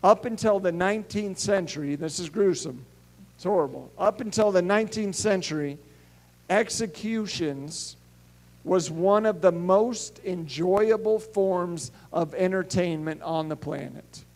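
A middle-aged male pastor preaching a sermon, telling stories and swinging between hushed and emphatic delivery. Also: high-pitched, a little slow.

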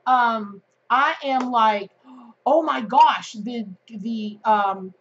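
A woman giving a daily tarot card reading to her viewers, chatty and excitable, with plenty of fillers. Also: fairly high pitch, drawn-out words, muffled recording. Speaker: tarot reader.

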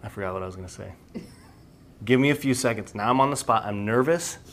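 A man's voice: on the low side, fast talker. A man talking casually off camera on a live stream, bashful and self-conscious, laughing between remarks. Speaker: crew member on a live stream.

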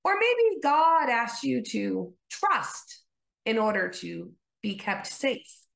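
A woman pastor telling a story in her sermon and leading a prayer, gentle and prayerful. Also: a little high, expressive, takes it slowly, gravelly, roomy sound.

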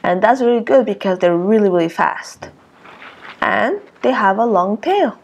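A woman teaching young children at circle time, reading a picture book aloud in an expressive way. She often stops to exclaim and to ask the children questions. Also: mid-range voice, moderate pace, vocal fry, breathy edge. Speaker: early years teacher.

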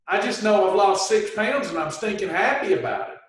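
Folksy animated man, echoey. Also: high-pitched, brisk, far from the mic. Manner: folksy, animated, acts out people's complaints. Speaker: weight loss coach. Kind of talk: livestream coaching talk.

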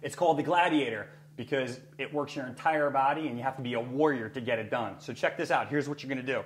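A man's voice: mid-range voice, quick pace. Guy coaching a floor workout, breathing hard while he talks, echoey room, little bit of hum behind. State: breathing heavily. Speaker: fitness trainer. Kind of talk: exercise demonstration.

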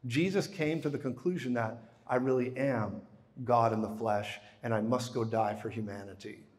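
A male preacher with a mid-range voice delivers a live sermon at normal speed, animatedly telling a story. He sinks into hushed tones before booming out, and long reverb rings through the large hall around him.

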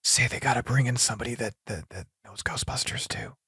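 Joking podcast guest, dry close sound. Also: male voice, medium pitch, sharp tone, husky, dry recording. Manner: joking, halting with fillers and restarts. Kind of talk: casual podcast chat.

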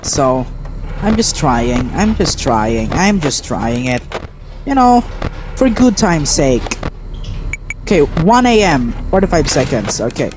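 A man's voice: fairly high pitch, very animated, takes it slowly, noisy background. A man commentating his horror game run, frantic, panicky and swearing constantly. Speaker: gameplay streamer. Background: game music.

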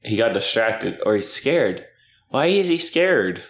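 A man chatting casually on camera while playing with his puppy, playful, often jumping up into high baby-talk at the dog. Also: very animated, unhurried. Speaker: YouTuber filming his dog. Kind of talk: casual vlog chat with a puppy.

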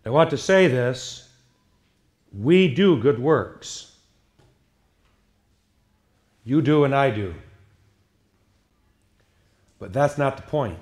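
A man pastor preaching an evening sermon, emphatic and swinging between hushed passages and loud outbursts. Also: medium pitch, animated, extremely slow, pauses often.

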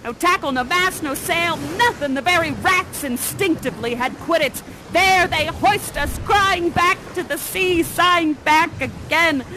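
A woman's voice: extremely high pitch, unhurried, few pauses, noisy background. A woman playing an exiled mother sorceress in live interactive theater, coaxing and playfully dramatic, doting on her audience. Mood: dramatic storytelling. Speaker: immersive theater actor.

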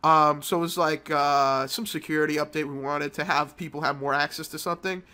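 Male gaming vlogger with a cold, loose profane storyteller, tense bright tone. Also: fairly high pitch, fairly even intonation, a little fast. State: sick with a cold. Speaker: mobile game channel host. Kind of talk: casual gameplay commentary.

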